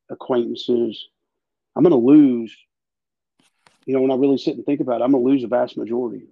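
In a muffled recording with no room sound, a podcast host rants emphatically and profanely through casual political chat. His voice is medium in pitch.

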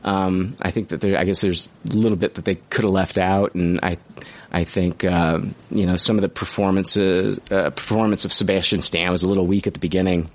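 Rambling, cussing low-voiced man. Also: fairly even intonation, a little fast. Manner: rambling, swears freely, laughs at himself. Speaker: podcast host reviewing movies. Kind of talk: casual chat.

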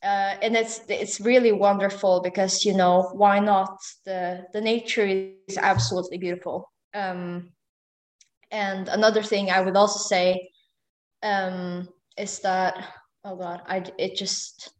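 A woman's voice: medium pitch, level tone, measured pace. Young woman, hesitant chatter. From Norway. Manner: hesitant, with many fillers and soft laughs. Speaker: guest. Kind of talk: casual conversation.

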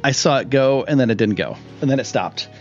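A young man hosting a live stream, chatting casually and rambling with lots of fillers, his voice jumping up when he gets excited. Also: medium pitch, brisk, faint music behind. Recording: dull lo-fi stream audio.

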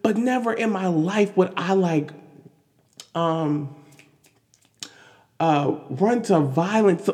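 A man giving casual, animated commentary on news, exasperated and full of restarts and fillers. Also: high voice, slow, pauses often. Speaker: commentary vlogger. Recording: long hall reverb.

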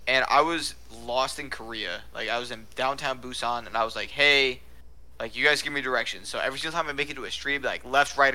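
Bright-voiced young man telling stories. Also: mid-range voice. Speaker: podcast co-host. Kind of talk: casual chat.

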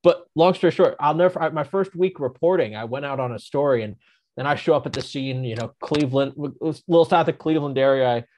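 A man's voice: a little high, fast, a little mellow. A man from northern Ohio, a former reporter, chatting on a podcast and telling rambling stories full of restarts. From northern Ohio, United States. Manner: rambling storyteller, many restarts. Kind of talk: casual chat.

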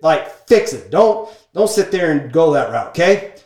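A man telling a business story in an energetic, emphatic monologue, peppering his talk with "like" and "okay?". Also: on the high side, a little slow. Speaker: speaker sharing business lessons from a book. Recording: echoey room.

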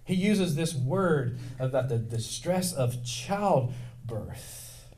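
A male pastor preaching a sermon in a conversational, animated way, inviting the congregation to respond. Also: a little high, drawn-out words.

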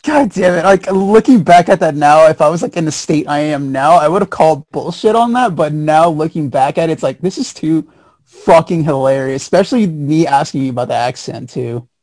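A man's voice: fairly high pitch, expressive, a little fast, a little mellow, no echo. A man in casual podcast chat, self-mocking and exclaiming, swearing often. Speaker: podcast co-host.

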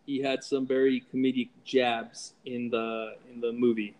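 A man's voice: mid-range voice, little pitch movement, unhurried, darkish tone, low-quality recording. A man talks through a movie on a podcast in an easygoing, casual way. He often hesitates and repeats words as he gathers his thoughts. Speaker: podcast co-host. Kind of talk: casual movie review chat.

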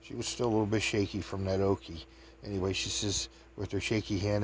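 A man's voice: on the low side, level tone, brisk, slight background noise. A man telling meandering anecdotes in a chatty, casual way. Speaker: vlogger. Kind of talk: rambling storytelling.

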